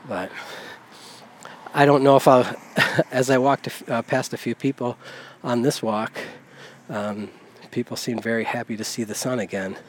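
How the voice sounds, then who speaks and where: A man's voice: medium pitch, fairly even intonation, normal speed, a little hiss or hum. A man hosting a podcast, talking in a loose, rambling way with many fillers and self-corrections while he walks outdoors. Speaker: podcast host. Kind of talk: casual spoken monologue. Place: outdoors, on a walk down a village street. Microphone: handheld recorder.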